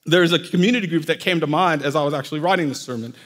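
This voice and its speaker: Speaking rapid-fire in a slightly high, fairly bright voice, this pastor preaches to his congregation as if in conversation, addressing them directly. The church sanctuary adds a long, hall-like reverb.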